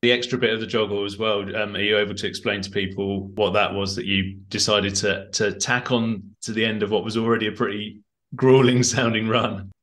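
A man hosts an interview podcast and asks questions in a halting way, restarting his phrases as he goes. His voice sits somewhat low for a man. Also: steady tone, fairly bright tone. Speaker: podcast host.

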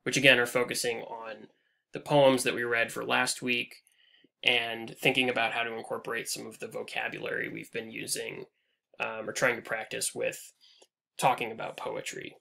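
Man, English instructor, recorded slide lecture, gravelly fry, sharp tone, casual, trails off at phrase ends. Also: mid-range voice, level tone, moderate pace.

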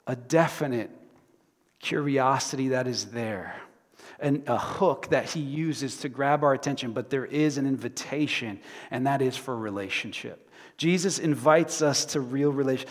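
A male pastor preaching a sermon dramatically, swinging from loud to hushed. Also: on the high side. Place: church sanctuary. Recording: reverberant church sanctuary.

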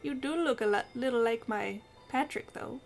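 A woman plays a little old granny from a spooky video game, lilting and sugary while she foretells doom. Her voice is pitched high and thin. Game music plays clearly under it. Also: moderate pace. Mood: creepy. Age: figure older.

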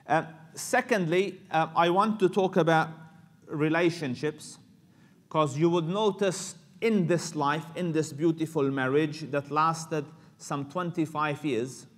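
A man teaching an Islamic lecture in a loose, conversational way, full of fillers and Arabic phrases. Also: a little high.

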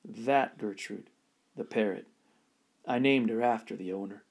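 A man's voice: fairly low pitch, gravelly. A man doing a shy, stammering shop clerk. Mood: flustered. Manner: hesitant, stammering, slow and quiet.

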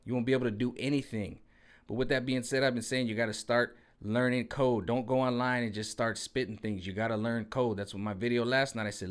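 A man delivering a sarcastic, animated political rant as a vlogger, acting out voices of others. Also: medium pitch, fairly quick. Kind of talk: ranting political commentary monologue.

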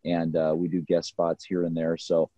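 A man's voice: low-pitched, monotone, moderate pace, mellow, no echo. A man talking through fire department operations on a video call panel, with many fillers. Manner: filler-heavy, practical explaining.

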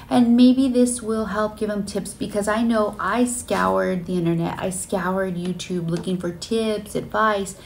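A woman's voice: mid-range voice, creaky. A woman telling her story in a casual vlog, earnest and emotional, with many fillers like "you know" and "like.". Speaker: flight attendant vlogger. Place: hotel room on a layover.

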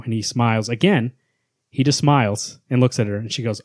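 A man's voice: medium pitch, fast talker, dry recording, studio quality. A man co-hosting a podcast, chatting casually as he recaps a comic and acts out lines from its panels. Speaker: podcast co-host.

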